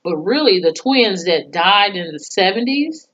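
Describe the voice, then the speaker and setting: A woman's voice: medium pitch, animated, a little slow, fairly bright tone. A woman reviewing a TV episode in a casual recap, blunt and profane, often laughing as she talks. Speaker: TV show reviewer. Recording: dull lo-fi sound.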